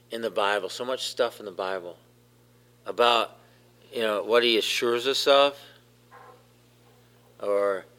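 A man's voice: medium pitch, sharp tone. A man preaching a sermon, emphatic, repeating phrases and putting questions to the congregation. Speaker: pastor.

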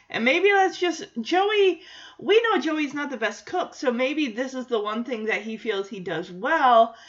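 A woman's voice: a little high, fairly bright tone. A woman chatting casually as a podcast host, rambling and thinking aloud with lots of restarts. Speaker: podcast host recapping a sitcom episode. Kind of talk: casual chat. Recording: dull lo-fi recording.

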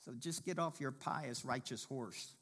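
A man preaching a sermon as pastor, swinging from impassioned loud passages to hushed, quiet ones. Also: medium pitch, unhurried, slightly rough.

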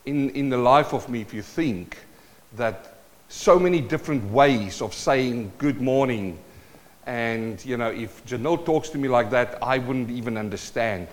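This man preaches a sermon with a South African accent, his medium-pitched voice going a little slow. He's playful and interactive, calling out to the congregation, and the recording carries a long church reverb.

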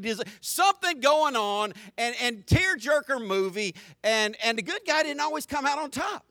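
Brief: middle-aged male pastor, storytelling sermon, voice sits high and bright, swings from loud asides to soft reflection. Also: no echo, studio quality. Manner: storytelling preacher, shifting between loud animated asides and soft, low reflection.

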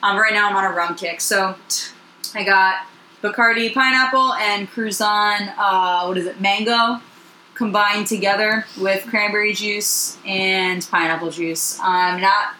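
A woman from New Jersey with a New Jersey accent, co-hosting a podcast in casual chat, talking fast and laughing often. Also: medium pitch, fairly even intonation, sharp tone, echoey room, a little hiss or hum, poor audio. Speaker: podcast co-host.

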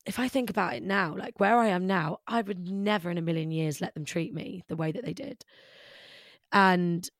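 A young British woman, a musician appearing as a guest, talks openly and ramblingly about her life, saying "like" often. Her voice is on the low side at normal speed, and the studio sound is clean with no room sound.

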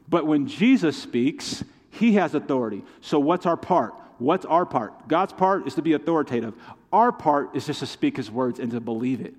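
A man's voice: fairly high pitch, expressive, normal speed, a little mellow. A man delivers a heartfelt sermon, his voice carrying with a long echo through a large church hall. He preaches with passion, rising and falling as he calls his listeners to answer back. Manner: impassioned preaching with call-and-response. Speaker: pastor. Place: church sanctuary.

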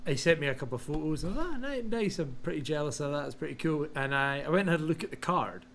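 A man's voice: a little high, very fast, creaky, a bit bright, slight background noise. A man with a Scottish accent, chatting casually as a co-host of a wrestling podcast and rambling through his stories while laughing at himself. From Scotland.

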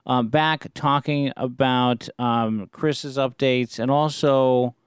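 A man's voice: mid-range voice, steady tone, slow pace, clean tone, no room sound, clean studio sound. A man co-hosting a podcast in casual chat, playful, jumping in with jokes and questions. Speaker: podcast co-host.

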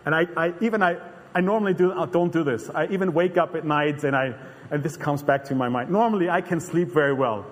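Male preacher, earnest chatty sermon delivery with restarts; slightly high voice, reverberant hall. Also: fairly quick. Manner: earnest, conversational, frequent restarts.

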